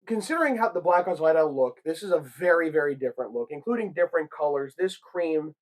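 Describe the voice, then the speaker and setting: A man in his thirties co-hosting a casual chat, talking in quick animated bursts. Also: a little high, rough recording. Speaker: co-host.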